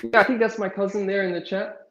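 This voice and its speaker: A man's voice: high-pitched, steady tone, fast talker, a crowd in the background. A man from Australia, a guest on a video call, giving brief, easygoing replies. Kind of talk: interview answers over video call. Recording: roomy, dull video call audio.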